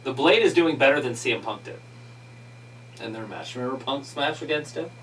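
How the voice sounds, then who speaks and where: A man's voice: medium pitch, expressive, brisk, a bit bright. Offhand man commenting, distant mic. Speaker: livestream co-host. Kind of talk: casual wrestling commentary. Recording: distant mic with faint hum.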